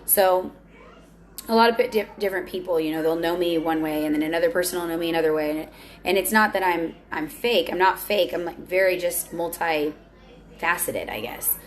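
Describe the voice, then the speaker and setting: A woman's voice: lowish voice, normal speed. Earnest woman vlogging confessionally. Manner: earnest and confessional, with frequent restarts and fillers. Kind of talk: candid personal vlog talk.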